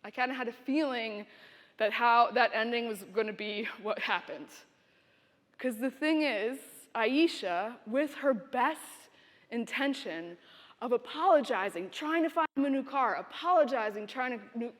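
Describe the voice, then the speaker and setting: Female keynote speaker, expressive motivational storyteller, high voice, reverberant hall. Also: moderate pace. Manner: storytelling, expressive, direct to audience. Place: university conference venue.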